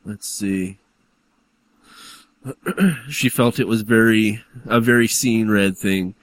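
Slow, easygoing man co-hosting. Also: fairly low pitch, a little hiss or hum. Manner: slow, easygoing, steers the reading. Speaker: podcast co-host. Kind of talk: casual chat.

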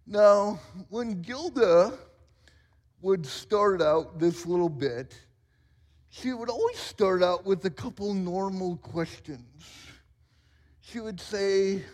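High-voiced, unhurried man preaching in a hall. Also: darkish tone. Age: 40s. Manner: playful, self-mocking storyteller. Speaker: pastor. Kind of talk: sermon. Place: church sanctuary. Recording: reverberant church hall.

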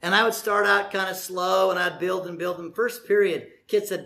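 Animated preacher in a roomy hall. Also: male voice, high-pitched, normal speed, few pauses. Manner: animated, jokey preaching with acted-out voices. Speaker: pastor. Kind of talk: sermon.

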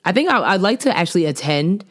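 A woman co-hosting a podcast, chatting casually in animated, slangy banter with frequent laughs. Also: on the low side, quick pace. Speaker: podcast co-host. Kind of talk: casual chat.

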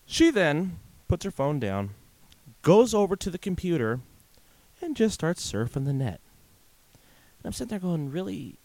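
A man's voice: fairly high pitch, big pitch swings, measured pace, pauses often, darkish tone, dry recording. A man hosting a podcast alone at a microphone, telling a long story in a casual, rambling way, full of "uh" fillers and restarts. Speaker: podcast host. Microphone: desk microphone.

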